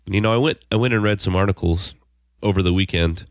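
A man's voice: low voice, fast, dry recording, studio quality. A man co-hosting a podcast, chatting casually about a TV show, rambling with frequent restarts. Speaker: podcast co-host. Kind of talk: casual TV discussion.

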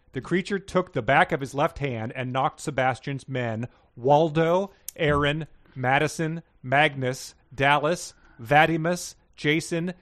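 A man at an ordinary middle pitch co-hosts a podcast. He reads passages aloud in a casual, unpolished way, with small stumbles and chuckles. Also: fairly bright tone. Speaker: podcast co-host reading listener submissions.

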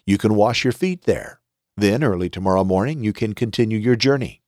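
A man's voice: lowish voice, animated, a little fast, a little mellow, dry recording, clean studio sound, natural voice. A man reading the part of a worried male host in scripture, urgent and pleading. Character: anxious male host protecting his guests.

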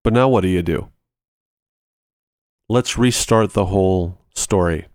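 Low-voiced man teaching in a lively way. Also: a little slow, no room sound, studio quality. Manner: talks through everyday examples step by step; lively, repeating short phrases for emphasis. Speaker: ministry podcast host. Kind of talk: conversational teaching.

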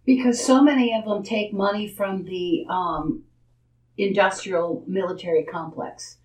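A woman's voice: medium pitch, fairly even intonation, unhurried, a little mellow, echoey room, distant mic, low-quality recording. A chatty woman co-hosts a talk show and keeps asking rhetorical questions. Her voice comes from a bit away from the mic. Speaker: co-host. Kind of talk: casual political talk show.

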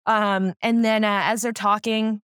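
A woman's voice: medium pitch, level tone, a little slow, a bit bright, smooth, no echo, studio quality. A young woman co-hosting a casual recap chat, laughing often and acting out quotes as she retells scenes. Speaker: podcast co-host.

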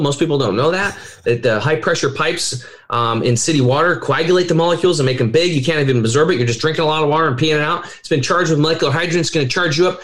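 A middle-aged man, a health coach, talking in a casual podcast interview with animated, persuasive storytelling. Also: a little high, rapid-fire, hardly any pauses.

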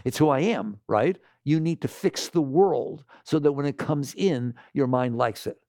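Animated, gravelly man lecturing with questions. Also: fairly high pitch, unhurried, dry recording, clean studio sound. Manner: rhetorical, keeps asking the audience questions; animated, slips into mocking quoted voices. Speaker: spiritual teacher. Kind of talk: lecture to a live audience.

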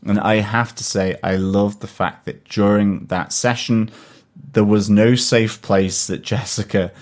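Low-voiced man chatting on a podcast. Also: fairly even intonation, measured pace, darkish tone. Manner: chatty, enthusiastic, many fillers. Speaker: podcast co-host. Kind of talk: casual chat.

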